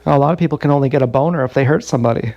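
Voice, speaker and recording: Gravelly profane man in his thirties. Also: mid-range voice, racing, dark tone, no echo, muffled recording. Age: 30s. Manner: rambling, profane, confessional. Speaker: streamer. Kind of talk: casual storytelling monologue. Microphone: action camera.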